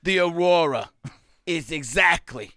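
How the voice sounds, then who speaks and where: A blustering sports pundit, voiced by a comedian, piles big words on big words with pompous gravity. The voice sits high and bright and rings loud. The recording is dry and close. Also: male voice, expressive, measured pace, no room sound, heavily acted. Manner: pompous, loud, long-winded. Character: bombastic male sports pundit spouting fake science.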